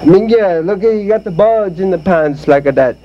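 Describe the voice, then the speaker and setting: A man's voice: high voice, moderate pace, dull audio, background noise, close to an everyday voice. A man doing a boastful kung fu ventriloquist in broken English. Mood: teasing. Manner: broken English, teasing, chuckling. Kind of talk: comic ventriloquist act. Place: backyard party outdoors.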